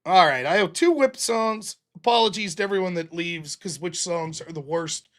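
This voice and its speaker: A man's voice: sits high, moderate pace. A man hosting a casual livestream, talking in a joking, profane, ranting way. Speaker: livestream host.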